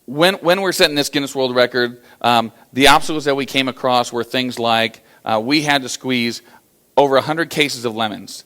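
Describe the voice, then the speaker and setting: A man's voice: mid-range voice, normal speed. An American man giving a motivational business talk, telling stories with lots of fillers and acting out the quotes. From USA. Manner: animated storyteller acting out quotes, many fillers. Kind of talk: storytelling keynote talk.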